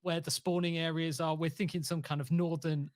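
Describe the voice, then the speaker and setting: A man's voice: a little high, flat delivery, fairly quick, darkish tone. A man playing a tabletop game, eager and earnest, gushing questions like a fan. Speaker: player. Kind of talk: in-character tabletop role-play.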